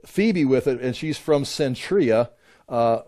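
A man teaching a Bible class in an explanatory way, often pausing with "uh" and restarting his sentences. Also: mid-range voice, expressive, darkish tone.

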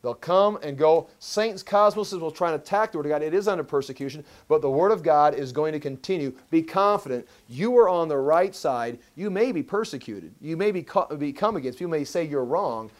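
A man's voice: a little high, lively intonation, a little fast, few pauses. A man teaching a Bible study sermon, emphatic, repeating key phrases and often restarting mid-sentence.

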